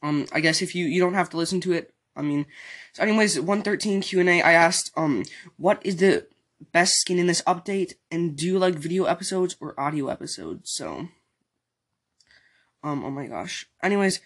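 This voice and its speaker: A man's voice: a little high, fairly bright tone. A young man hosting a casual solo podcast, reading out listener comments in a rambling way with lots of fillers, his throat sore. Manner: rambling, many fillers and restarts. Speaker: podcast host.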